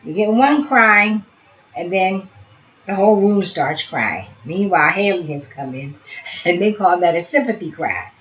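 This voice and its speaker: A woman who teaches early childhood education, talking through a demonstration and chatting softly to pretend infants as she goes. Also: on the low side, lively intonation, unhurried, lo-fi sound, slight background noise.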